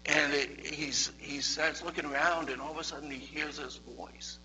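Man, sermon, conversational storytelling, fairly high voice, faint background hiss. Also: fairly even intonation, moderate pace, low-quality recording. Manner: conversational, repeats words, builds in loudness and pitch toward the end. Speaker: preacher.

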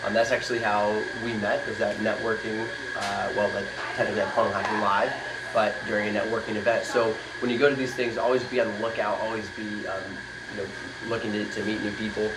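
A man's voice: on the low side, flat delivery, fast. A man hosting a casual podcast in a coffee shop, upbeat and rambling with lots of fillers. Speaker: podcast host. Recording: echoey coffee shop with loud background noise. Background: coffee shop chatter.

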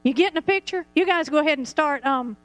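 A woman preaching a lively sermon, laughing and acting out little scenes as she talks. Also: high-pitched, fast talker, no room sound.

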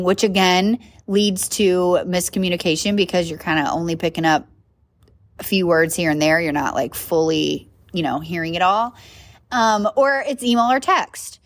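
A woman hosting a solo podcast in a casual, chatty way, with lots of fillers and frequent asides asking "right?". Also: lowish voice. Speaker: podcast host and coach.

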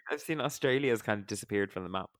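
A man's voice: fairly low pitch, animated, fast talker, a bit bright, no room sound, studio quality. A man co-hosting a podcast in casual chat, joking, giggling often and swearing freely. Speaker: podcast co-host.

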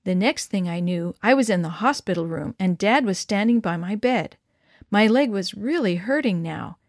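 A woman reads a story aloud to young listeners in an expressive way, her voice moving for each line. Her pitch sits in an ordinary middle range. The sound is dry and close, with no room echo. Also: normal speed. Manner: expressive, shifts pitch for dialogue. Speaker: children's storyteller. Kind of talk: reading a story aloud to children.

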